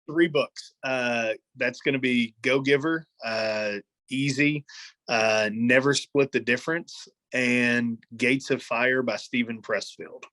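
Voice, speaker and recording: A man's voice: medium pitch, steady tone, slow, pushed and bright, poor audio. A man speaking as a guest in a casual interview, humble and self-deprecating, keeping his answers brief.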